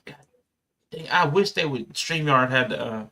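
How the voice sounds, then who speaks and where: A man's voice: fairly high pitch, moderate pace, vocal fry. A man co-hosting a casual podcast who jokes and acts out what people said. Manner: joking, animated, acts out quotes. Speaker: podcast co-host. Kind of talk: casual chat.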